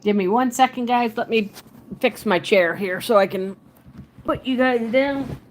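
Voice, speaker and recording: A woman live-streaming from her home, talking slowly and casually into a phone held in her hand. She murmurs to herself as she hunts for places on a map, with a faint hiss behind her voice. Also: a little high. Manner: chatty, muttering to herself while searching a map. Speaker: livestreamer. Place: at home, indoors. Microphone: handheld phone.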